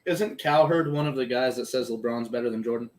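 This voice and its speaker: A man co-hosting a sports podcast, chatting casually and excitedly about the game and swearing freely. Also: medium pitch, brisk, a loud crowd. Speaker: podcast co-host. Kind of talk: casual sports chat over a live game.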